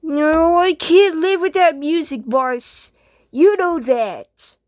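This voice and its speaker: A woman voicing a bratty, squeamish female washing machine in a homemade skit, talking in a shrill, bossy and dramatic way. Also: slow pace, a little mellow, no room sound, clean studio sound. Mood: indignant. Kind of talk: homemade skit role-play.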